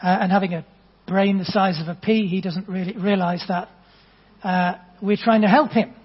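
Husky high-voiced preacher. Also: male voice, fairly even intonation, moderate pace. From England. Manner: earnest, storytelling, conversational with gentle asides. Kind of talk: sermon. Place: church hall. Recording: dull, long reverb in a church hall.

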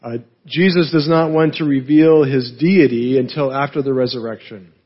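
A man's voice: mid-range voice, steady tone, moderate pace, slightly rough, highs cut off. A man preaching a teaching sermon, explaining as he goes with frequent "right?" and filler words. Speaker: pastor.

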